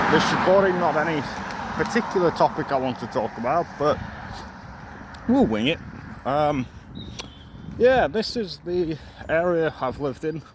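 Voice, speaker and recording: Young man, walking vlog, mid-pitched, a bit breathless, loose rambling delivery, clear traffic noise outdoors. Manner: rambling, many fillers and restarts. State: slightly out of breath. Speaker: vlogger. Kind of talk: casual walking vlog monologue. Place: outdoors on a residential street. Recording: outdoor street noise, passing cars.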